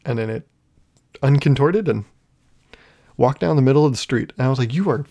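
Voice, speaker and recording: Talking fairly quickly with vocal fry and a warm tone, a young man at medium pitch hosts his own podcast alone. He rambles through funny, self-deprecating stories and laughs often along the way.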